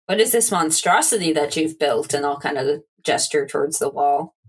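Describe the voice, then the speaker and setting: A woman's voice: low voice, moderate pace, husky. A woman playing a tabletop game, speaking earnestly as her character. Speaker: player.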